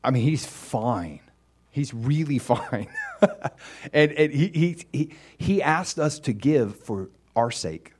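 Male pastor, lively sermon delivery with a very expressive pitch range, conversational. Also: slow pace, slightly rough.

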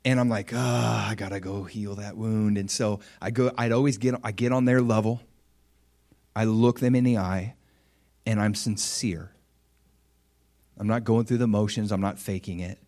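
A man's voice: fairly even intonation, moderate pace, long pauses. Earnest man preaching a story. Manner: storytelling, drops soft and low for quoted apologies. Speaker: pastor. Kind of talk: sermon.

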